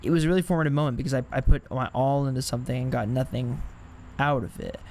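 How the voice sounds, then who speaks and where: Young male podcast host, candid and reflective in casual chat, mid-pitched voice, faint hiss behind it. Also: quick pace, a little mellow. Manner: reflective, candid, laughs at himself.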